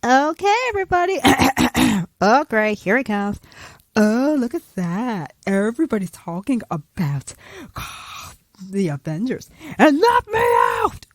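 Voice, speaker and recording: A woman hosting a podcast, telling a story in a playful, animated way. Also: mid-range voice, slow pace, no echo. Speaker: podcast host. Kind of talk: casual storytelling.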